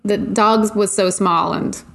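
A woman's voice: medium pitch, steady tone, takes it slowly, gravelly, fairly bright tone. A woman co-hosting a casual chat, telling a rambling story and laughing often.

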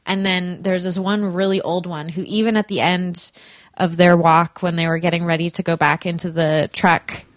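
A young woman chatting casually and telling stories, animated and giggly, with lots of fillers. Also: fairly low pitch, normal speed, no room sound. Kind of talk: casual chat, storytelling.

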